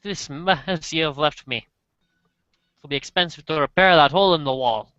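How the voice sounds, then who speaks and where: A man's voice: fairly high pitch, moderate pace, sharp tone, no room sound, dull audio. A man voicing a grumpy female tavern keeper with a put-on Scottish-Irish accent. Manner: grumbling, unbothered.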